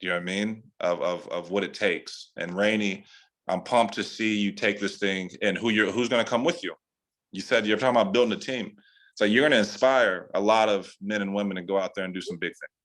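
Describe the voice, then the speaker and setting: A man's voice: a little fast, low-quality recording. Loose-talking man giving a pep talk. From California. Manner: loose, profane, full of "like" and "dude"; animated, rising pitch for emphasis. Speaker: sales team leader hosting a training call. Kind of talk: casual motivational pep talk.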